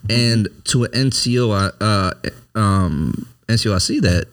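Brief: man with a fairly low voice, candid storyteller, profane and animated. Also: measured pace. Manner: profane, animated, repeats "you know what I mean". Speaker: service member telling his story.

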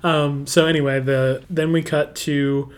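A man with a slightly high voice chats casually with his co-host, recapping a TV episode. He laughs often and fills his talk with likes and ums. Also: level tone, measured pace, clean tone. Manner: chatty, laughs often, many fillers. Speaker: podcast co-host.

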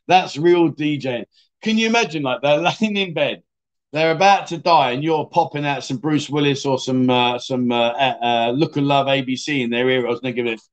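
This middle-aged livestream host from the United Kingdom reads viewer comments aloud, joking cheekily at his own expense and laughing frequently. The recording is muffled, and his voice is a little high and a little fast.

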